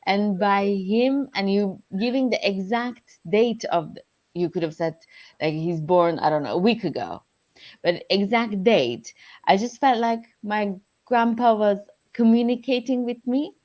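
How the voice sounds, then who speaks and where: A woman's voice: medium pitch, unhurried, a little mellow. A woman guest telling a personal story, with grammar slips of a non-native speaker.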